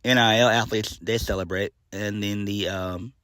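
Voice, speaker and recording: A man's voice: on the low side, steady tone, normal speed, pushed and bright, dry recording, clean studio sound. A man giving a casual solo review of a wrestling show, blunt and exasperated, swearing freely and trailing off into fillers.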